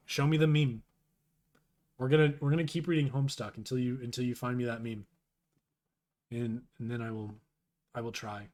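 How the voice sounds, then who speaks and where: A man's voice: mid-range voice, a little mellow. A young man chatting casually on a live stream, rambling and self-deprecating, with frequent restarts. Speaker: streamer reading a webcomic aloud.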